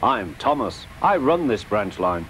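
A man voicing a cheerful, boastful little male tank engine who talks excitedly, often huffing and panting. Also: fairly low pitch, unhurried, creaky, heavily acted, low-quality recording. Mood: eager. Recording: loud music underneath.

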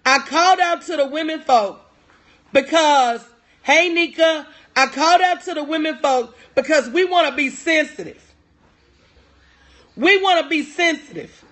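A woman's voice: sits high, measured pace, a bit bright. A middle-aged woman business coach talking to viewers on a livestream, preachy and emphatic, repeating her key lines and greeting people by name. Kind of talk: motivational livestream talk.

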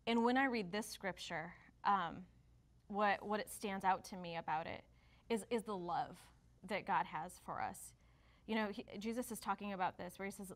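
A woman's voice: mid-range voice, normal speed. Reflective woman co-hosting a church talk. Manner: reflective, with frequent fillers and restarts. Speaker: church staff co-host. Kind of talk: casual devotional chat.

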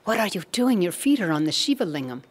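A woman's voice: fairly low pitch, unhurried, darkish tone, natural voice. A woman voicing an indignant, proud young male devotee who pleads in a breathless, raised voice.

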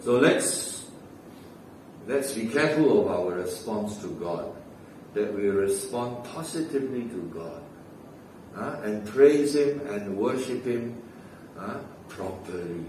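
A male pastor preaching at an unhurried pace, pushing his voice up on key words and letting it sink at the ends of phrases. His voice carries through a big, echoing church hall, picked up from far off with a faint hiss underneath. He leans on "uh" and a questioning "right?" to keep the congregation with him. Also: on the low side, animated, darkish tone. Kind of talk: sermon and closing prayer.

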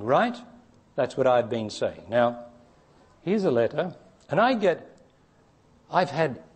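An older man with an Australian accent giving a spiritual teaching talk, emphatic and insistent, pushing his voice up to stress his points. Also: mid-range voice.

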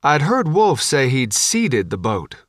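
A man voicing a calm, grim female petty officer who speaks low and matter-of-fact. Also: takes it slowly, dry recording, clean studio sound, heavily acted.

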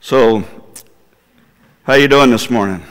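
A man's voice: mid-range voice, takes it slowly, fairly bright tone. A male pastor preaching a sermon in a church, in a conversational manner that puts questions to the congregation. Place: church sanctuary. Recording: long hall reverb in a church.

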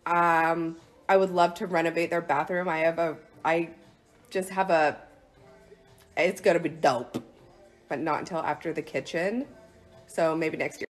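A woman's voice: deep voice, steady tone, measured pace, long pauses, soft background music. Bubbly chatty woman blogger. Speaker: lifestyle blogger. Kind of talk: casual phone vlog. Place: house interior.

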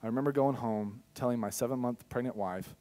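A young pastor preaches a personal testimony sermon in church, sharing his story candidly and breaking into sudden loud bursts. His voice is medium-pitched and fairly quick.

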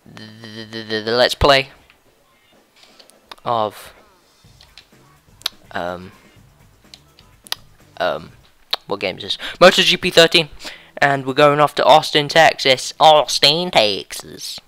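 A young man giving excitable play-by-play commentary on a racing game, his voice going a bit hoarse. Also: mid-range voice, a little slow, dry recording, faint music behind. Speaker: gaming video host.

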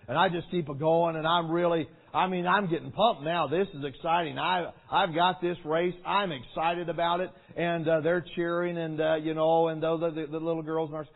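A male preacher with a slightly high voice tells a story to a youth crowd and acts it out with energy. He bursts into shouts and sound effects. The recording is thin and tinny, like a phone line. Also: flat delivery, moderate pace, few pauses. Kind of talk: storytelling sermon. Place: large meeting hall.

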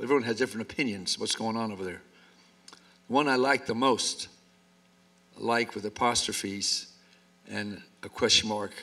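A man's voice: medium pitch, pushed and bright. A male pastor speaking to his church in a conversational way, with wry asides. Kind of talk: sermon introduction. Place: church sanctuary.

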